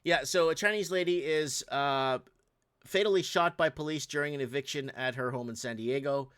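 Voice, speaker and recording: A man's voice: fairly high pitch, moderate pace, a bit bright, clean tone. A man hosting a show, giving casual, ranting commentary over video clips and talking straight to viewers. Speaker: host.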